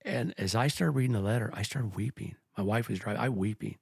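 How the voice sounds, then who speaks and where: Gravelly, husky-voiced pastor. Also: male voice, lowish voice, fast, a little mellow, dry recording, clean studio sound. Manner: earnest storyteller, tells personal anecdotes. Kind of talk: casual podcast discussion.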